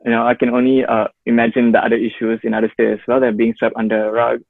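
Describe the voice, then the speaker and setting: A man interviewing, talking quickly and leaning on "you know". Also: mid-range voice, completely flat delivery, vocal fry, no echo. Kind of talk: casual interview talk. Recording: tinny phone-like line.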